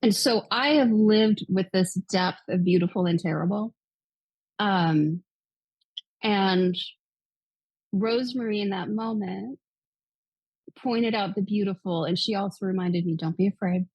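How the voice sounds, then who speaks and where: A woman's voice: medium pitch, a little slow, long pauses, breathy edge, dry recording, dull audio. A woman in her fifties, a guest author, earnestly retelling a personal story with quoted dialogue. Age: 50s.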